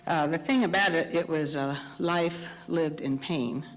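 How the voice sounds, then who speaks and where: A middle-aged woman preaching a sermon, telling a story with animated, acted-out dialogue. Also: low voice, a little slow. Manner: animated storytelling, acting out dialogue in raised voices. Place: church sanctuary. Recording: long hall reverb.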